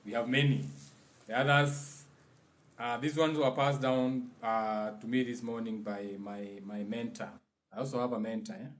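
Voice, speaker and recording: A man speaks in a mid-range voice with a Kenyan accent, giving a spiritual livestream lesson. Chatty and easygoing in his explanations, he pauses at times to chant phrases slowly.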